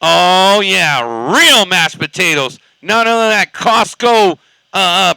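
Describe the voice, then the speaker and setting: Bright, crisp-voiced rambling man on CB radio. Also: high-pitched, animated, takes it slowly, no room sound, low-quality recording. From California. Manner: rambling, cussing, laid-back. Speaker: CB radio operator. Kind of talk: casual CB radio chat.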